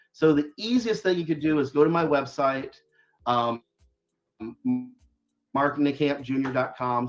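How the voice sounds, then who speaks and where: Male guest author, casual and rambling, mid-pitched; slightly dull recording. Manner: rambling, chatty, lots of fillers and restarts. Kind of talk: casual interview chat.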